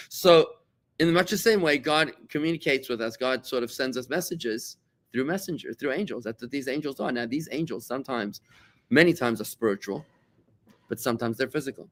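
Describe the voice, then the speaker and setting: Animated man teaching a class. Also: medium pitch, a little fast. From South Africa. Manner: animated, repeats words, acts out quoted voices. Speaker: rabbi. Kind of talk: conversational Torah class.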